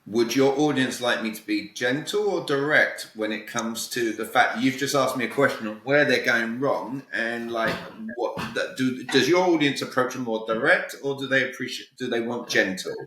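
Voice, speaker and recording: British man coaching with bright, punchy delivery. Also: mid-range voice, moderate pace, few pauses, recorded from a distance. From Britain. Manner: direct, emphatic, peppers talk with "all right?". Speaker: guest communication coach. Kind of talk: podcast interview, coaching advice. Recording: roomy echo, voice a bit off-mic.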